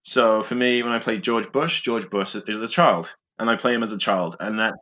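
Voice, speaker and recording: A man who works as an improviser, talking through his method in an interview, pausing often with fillers. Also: lowish voice, sharp tone. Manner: thoughtful, halting with fillers. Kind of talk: interview answers.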